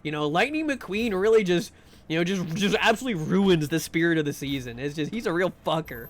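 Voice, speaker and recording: High-voiced, rambling male streamer. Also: fairly quick. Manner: rambling and profane, with excited sing-song greetings. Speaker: live streamer. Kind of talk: casual chat with live viewers.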